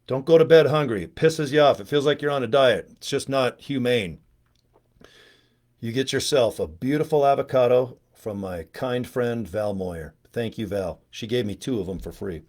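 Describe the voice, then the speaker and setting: A man's voice: medium pitch, normal speed, darkish tone. A middle-aged man chatting casually at home on a webcam livestream, rambling, joking and cursing freely. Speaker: video host. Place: at home, indoors.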